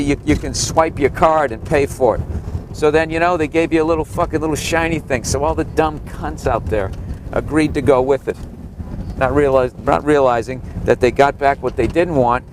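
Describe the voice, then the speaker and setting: A man in his forties, a stand-up comedian, slightly sick, ranting sarcastically and profanely while riding in the back of a cab. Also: a little high. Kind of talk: ranting tour commentary from a cab. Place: back seat of a cab in city traffic. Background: faint traffic noise.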